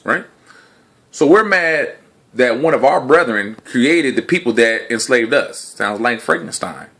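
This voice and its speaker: A man delivering a casual, argumentative monologue to the camera in slangy speech, full of rhetorical questions, dropping low and quiet, then rising loud and high. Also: expressive, measured pace. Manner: laughs between points. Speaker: video blogger.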